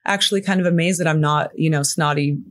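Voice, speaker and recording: A woman's voice: low-pitched, quick pace. A woman who works as a grief coach, talking candidly as an interview guest with a frank, earthy manner and many fillers.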